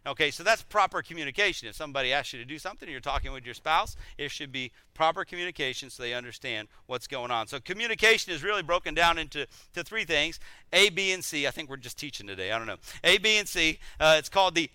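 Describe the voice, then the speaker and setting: A middle-aged man teaching a conversational sermon, animated and self-deprecating, often repeating words as he goes. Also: fairly high pitch, fast talker, clear, resonant tone, dry recording.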